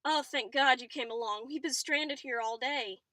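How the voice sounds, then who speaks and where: A woman's voice: high voice, moderate pace, pushed and bright, dry recording. A woman reading the lines of flustered, stranded male boaters in a storybook, close to her own voice.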